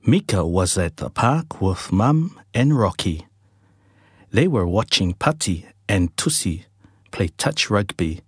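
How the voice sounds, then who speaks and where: A man reads a children's picture book aloud at a slow, careful pace. His husky voice rises and falls a lot as he tells the story. The recording is dry and close. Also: low-pitched, dry recording. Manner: slow, lively read-aloud with big jumps for dialogue. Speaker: storybook reader.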